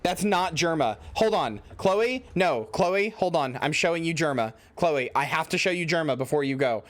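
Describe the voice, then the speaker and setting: A man's voice: a little high, expressive, normal speed, few pauses, a bit bright. A man streaming a game in casual commentary, rambling with many fillers and swearing into a headset mic.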